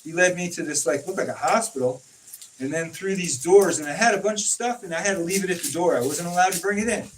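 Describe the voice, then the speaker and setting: A man telling stories in a casual chat, acting out quoted dialogue with animated swings in his delivery. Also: sits high, quick pace. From California. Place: informal home conversation. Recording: distant mic with faint noise.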